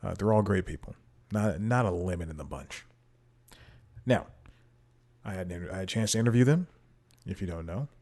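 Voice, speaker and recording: Rambling, low-voiced man hosting a podcast. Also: a little fast, pauses often, darkish tone. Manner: rambling, self-deprecating, laughs often. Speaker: podcast host. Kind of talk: casual solo podcast monologue. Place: home room with TV playing. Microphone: desk microphone.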